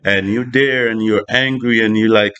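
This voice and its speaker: A man's voice: on the low side, fairly even intonation, moderate pace, fairly bright tone, smooth, muffled recording. A man giving a casual spiritual talk, loose and conversational with many "you know" asides. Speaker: spiritual vlogger.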